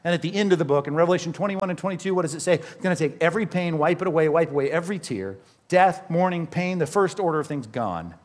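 A man, a pastor, preaching a sermon in a conversational way, asking the congregation questions and slowing down to stress scripture. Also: fairly high pitch.

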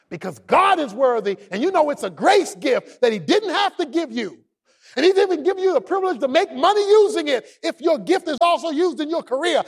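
A male pastor preaching with a strikingly high voice that leaps and dips all over the place. He punches key words with shouts, then drops to a low, quiet murmur. Now and then he has the congregation repeat a line after him. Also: husky. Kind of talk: sermon.

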